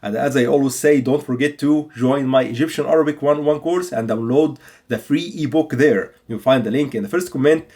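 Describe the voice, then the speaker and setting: A man teaching a video language lesson, repeating example phrases slowly and patiently for learners. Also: medium pitch, dark tone. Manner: patient, instructive delivery.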